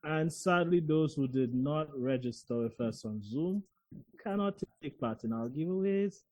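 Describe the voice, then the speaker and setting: A man hosts a gala with easygoing, teasing banter. His pitch rises and falls a lot, and his tone is mellow and dark. The sound is dry and close. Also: lively intonation, no room sound, dull audio. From Saint Lucia. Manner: playful, teasing, shifts into a drawn-out announcer voice. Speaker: event co-host. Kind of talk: casual live event hosting banter. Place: indoors at an evening gala.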